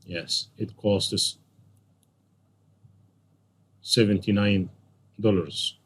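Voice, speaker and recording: A man's voice: fairly low pitch, husky. A male English teacher walking through a textbook lesson, patiently going over questions and repeating the answers. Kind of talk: classroom lesson walkthrough.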